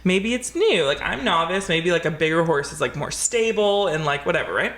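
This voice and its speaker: Expressive female podcast co-host, casual storyteller who swears freely; slightly echoey room. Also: lowish voice, fairly quick. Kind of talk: casual chat, animated storytelling. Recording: roomy echo.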